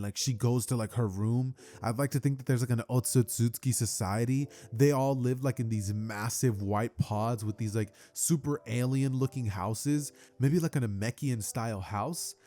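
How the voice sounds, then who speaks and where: A man's voice: mid-range voice, normal speed, hardly any pauses, dark tone. Chatty man narrating a fan story. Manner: chatty, many fillers like "like" and "kinda". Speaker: channel host and storyteller.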